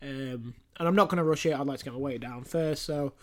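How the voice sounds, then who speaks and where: A man hosting a podcast in casual chat, briskly steering the conversation. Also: mid-range voice, darkish tone. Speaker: podcast host.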